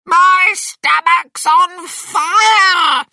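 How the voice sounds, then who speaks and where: A reader voicing a boastful old grandmother who has grown giant, shouting slowly and loudly in a high voice. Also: sing-song, no echo, studio quality, exaggerated voice. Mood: pained. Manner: shrieking, slow and loud.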